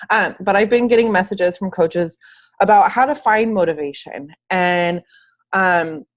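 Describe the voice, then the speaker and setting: A woman's voice: medium pitch, a little slow. Sick woman coaching a team call. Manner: upbeat and emphatic, with casual slang. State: sick, slightly wheezy. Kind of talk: casual motivational talk. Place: at home, in bed.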